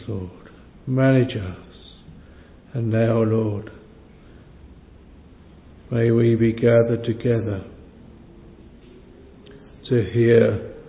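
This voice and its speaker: A man leading a long extemporaneous prayer from the pulpit, solemn and pleading, in old-fashioned thee-and-thou phrasing with long pauses. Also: medium pitch. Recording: phone-like sound with long hall reverb.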